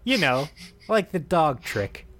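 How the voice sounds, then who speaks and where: A man's voice: fairly high pitch, very animated, slow pace, a bit bright. A man co-hosting a casual podcast, animatedly retelling a film's plot, acting out quoted lines and laughing often. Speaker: podcast co-host recapping a film. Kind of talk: casual chat.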